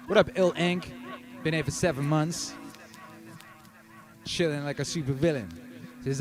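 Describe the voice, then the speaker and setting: A man hosting a music livestream, chatting casually and reading viewer comments aloud, hyped and profane, swinging between shouted shout-outs and low murmurs. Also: steady tone, measured pace, long pauses.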